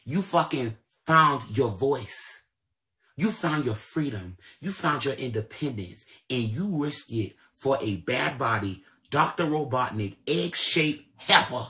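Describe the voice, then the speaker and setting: A man with a mid-range, animated voice rants on a livestream at a measured pace, his tone sharp. He speaks AAVE and comes across as confrontational, repetitive and profane.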